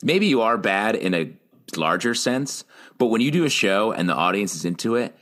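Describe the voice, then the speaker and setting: Podcast host guy, low voice that jumps around a lot, teasing, casual swearing. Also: very animated, moderate pace, a bit bright.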